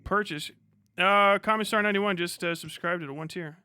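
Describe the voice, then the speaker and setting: A man's voice: fairly high pitch, moderate pace, clean tone, dry recording, studio quality. A man streaming live, chatting casually, swearing constantly and laughing often. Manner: profane, excitable, laughs often.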